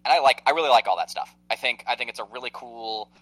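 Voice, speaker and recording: A man's voice: medium pitch, fast talker, a bit bright, dry recording, poor audio. A man co-hosting a podcast, talking through a film plot in a rambling, hesitant way. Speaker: podcast co-host. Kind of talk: casual film discussion.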